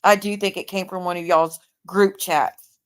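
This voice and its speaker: A woman's voice: lowish voice, steady tone, normal speed, smooth. Woman host, tired, heated and profane, repeats her points. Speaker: livestream host. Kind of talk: angry livestream rant.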